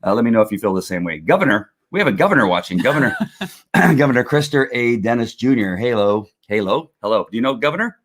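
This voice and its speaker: Animated and quick, this middle-aged man speaks in a mid-range, slightly bright voice as host of a relaxed faith-and-politics livestream. His talk wanders, full of false starts and little laughs.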